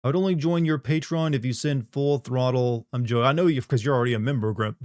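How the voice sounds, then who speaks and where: A man's voice: mid-range voice, fast, darkish tone, no echo, clean studio sound. A middle-aged man from the Southern United States chatting casually on a live stream, rambling, joking and reading chat aloud.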